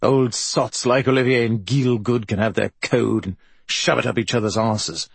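A man voicing a boisterous, profane middle-aged male film star with a Welsh accent and a husky voice, swaggering and rambling. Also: mid-range voice, steady tone, normal speed, no echo. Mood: scornful. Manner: brash, swaggering, rambling storyteller.

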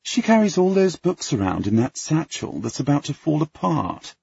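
Brief: man doing a loud, teasing young noblewoman, high and raspy, muffled dry sound. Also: big pitch swings, moderate pace, dry recording, heavily acted. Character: brash, dramatic young noblewoman. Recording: dull lo-fi dry recording.

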